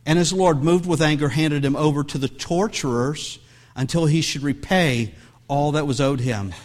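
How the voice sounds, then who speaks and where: A man's voice: on the high side, moderate pace, darkish tone. A man preaching a sermon as pastor, reading scripture aloud and breaking into conversational asides, with many restarts.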